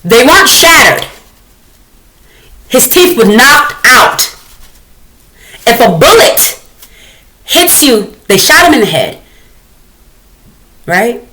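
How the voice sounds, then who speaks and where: A woman's voice: fairly high pitch, very animated, slow pace, pauses often, sharp tone, rough recording. A woman hosting a reaction commentary, talking in an angry, confrontational and profane way. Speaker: commentary host.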